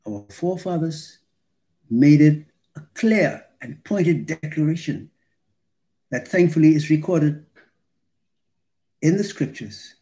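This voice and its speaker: A man preaching a sermon, slow and deliberate, pausing between phrases and reading scripture aloud for emphasis. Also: on the high side, expressive, warm tone.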